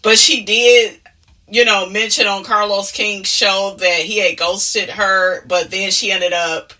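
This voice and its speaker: A woman's voice: medium pitch, steady tone, slow pace, sharp tone, distant mic. A woman talking casually as she recaps reality TV. She is sassy and outspoken and keeps dropping "honey" and "okay?" as asides. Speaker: reality TV commentator.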